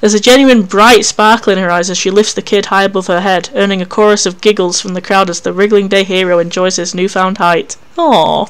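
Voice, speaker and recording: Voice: medium pitch, quick pace, clear, resonant tone. A narrator reading an interactive story game aloud in a wry, casual way, swearing freely.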